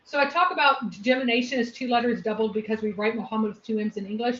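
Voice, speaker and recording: Higher-pitched woman explaining in an echoey room. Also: quick pace, few pauses, fairly bright tone, lo-fi sound, a little hiss or hum. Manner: explains patiently, with examples. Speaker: co-host. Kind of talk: explanatory discussion.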